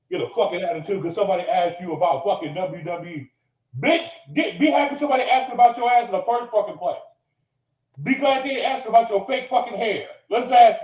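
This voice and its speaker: A man's voice: extremely high pitch, roomy sound, recorded from a distance, highs cut off. A man delivering a furious, profane rant on a podcast recorded live on location. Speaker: podcast regular. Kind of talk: angry rant. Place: cigar lounge, live on location.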